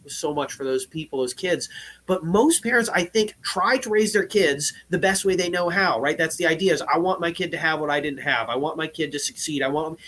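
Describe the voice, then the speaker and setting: A man who is a guest on a talk show, speaking earnestly and casually, often ending points with "right?" and getting louder and higher when he is excited. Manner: earnest, says "right?" again and again; gets loud and high when excited. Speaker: podcast guest, life coach.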